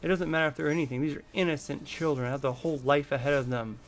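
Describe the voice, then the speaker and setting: A man's voice: a little high, steady tone, very fast. A man in his thirties from the United States, delivering a heated, profane vlog rant full of repetition. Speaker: vlogger. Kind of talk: angry political rant.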